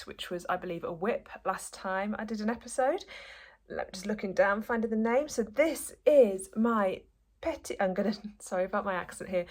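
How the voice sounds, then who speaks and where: A woman hosting a podcast, chatting casually to camera at home and rambling as she corrects herself. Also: mid-range voice. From northeast England. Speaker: podcast host.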